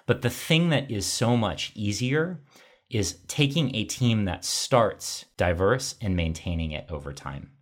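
Low husky-voiced man, thoughtful. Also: animated, a little slow. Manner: thoughtful, self-deprecating, many restarts and "you know". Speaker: company executive, guest. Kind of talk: conversational interview answers.

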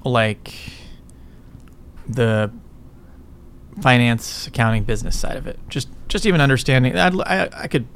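A middle-aged entrepreneur, a guest in a business interview, speaks in a mid-range, fairly bright, smooth voice with vocal fry, expressive and a little slow. He rambles casually, swears often, and caps his points with "right?".

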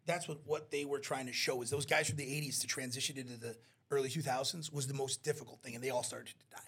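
A man chatting as an interview guest, animated and acting out quotes as he tells stories. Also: medium pitch, fast, slightly rough. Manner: animated storyteller, acts out quotes. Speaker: wrestling promoter guest. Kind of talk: casual interview chat.

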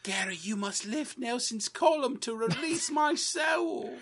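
A man's voice: extremely high pitch, animated, measured pace, a bit bright, voice pushed up, heavily acted. A man voicing a dramatic, insistent male ghost. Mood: pleading. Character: pleading male ghost crushed under a statue.

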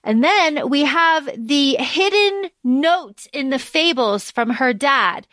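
A woman's voice: high voice, expressive, takes it slowly, fairly bright tone, no echo, clean studio sound. A woman co-hosting a podcast, chatting casually about a book and reading out quotes between filler ums. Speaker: podcast co-host.

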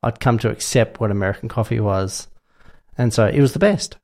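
Rambling man with gravelly voice. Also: fairly low pitch, a little fast. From Australia. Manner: rambling, animated storyteller. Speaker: podcast co-host. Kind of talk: casual chat.

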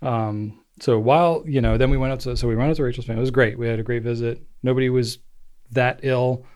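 A man's voice: medium pitch, quick pace. Easygoing man telling stories. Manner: relaxed storyteller, many fillers. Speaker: podcast co-host. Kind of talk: casual chat.

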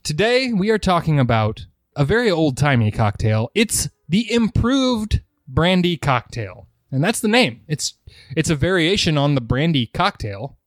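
Male podcast co-host, lively and chuckling, close dry mic. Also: a little high, measured pace, no echo. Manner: chuckling, animated storyteller. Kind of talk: casual chat.

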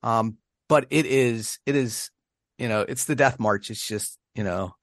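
A man's voice: mid-range voice, measured pace, no room sound, studio quality. An American man co-hosting a casual podcast chat, rambling with many restarts and laughs. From United States. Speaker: podcast co-host.

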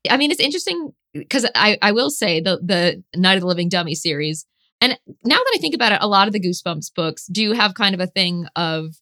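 Bright-voiced chatty woman. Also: mid-range voice, brisk. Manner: chatty, excitable, casual swearing. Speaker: podcast guest. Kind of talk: casual chat.

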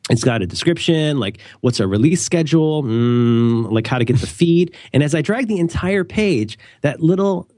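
A middle-aged man co-hosting a podcast and reading an ad in a jokey, rambling, animated way. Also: normal speed, few pauses, no room sound, studio quality. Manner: animated, rambling, jokey, with sudden high leaps. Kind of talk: casual podcast chat.

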